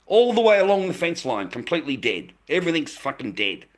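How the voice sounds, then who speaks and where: A man's voice: on the high side, sing-song, brisk. A middle-aged man ranting to a live chat, exasperated, swearing and repeating himself. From Australia. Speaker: livestreamer.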